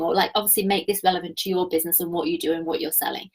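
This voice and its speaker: Enthusiastic coaching woman, slightly croaky. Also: fairly low pitch, fairly even intonation, fast talker, few pauses, low-quality recording. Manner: enthusiastic, spiritual, reads viewer comments aloud. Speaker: business coach. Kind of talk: live-streamed coaching session.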